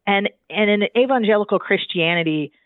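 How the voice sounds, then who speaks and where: A man from Southern California talks as a guest in a chatty, animated way, often restarting his sentences. His voice sits high. The sound is thin and phone-like and completely dry. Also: a little fast, dry recording. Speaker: guest, divinity student. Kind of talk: casual conversation.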